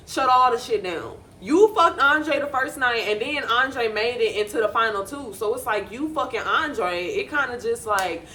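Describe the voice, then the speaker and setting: A young woman giving blunt, profane, animated commentary on a reality show. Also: a little high, a little hiss or hum. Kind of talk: casual reaction commentary.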